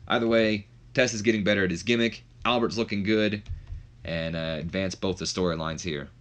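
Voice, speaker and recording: A man's voice: low voice, steady tone, a little fast. A man hosting a let's play, casually narrating and commenting in a rambling, self-deprecating way.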